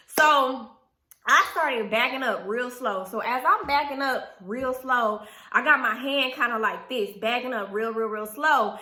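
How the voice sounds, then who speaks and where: A young adult woman telling a story to her viewers in an animated, profane way, often turning to the audience. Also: sits high, moderate pace, roomy sound. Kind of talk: casual storytime.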